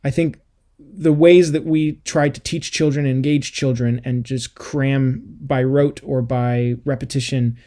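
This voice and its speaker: Mellow-voiced man discussing a book. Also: medium pitch, fairly even intonation, a little slow. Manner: thoughtful, many restarts and fillers. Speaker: podcast co-host.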